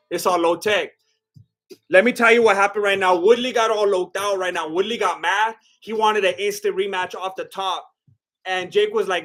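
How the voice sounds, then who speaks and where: A man's voice: high-pitched, steady tone, normal speed, a bit bright. A man doing live-stream reaction commentary, reading chat aloud and talking straight to his viewers with many restarts. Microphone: laptop setup.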